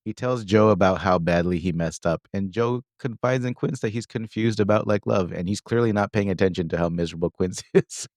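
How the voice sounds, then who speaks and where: Man, very low voice, casual podcast chat, rambling plot recap, dry close sound. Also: a little fast, few pauses, a little mellow, dry recording. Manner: rambling, loose retelling with quoted lines and frequent fillers. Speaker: podcast co-host recapping a film.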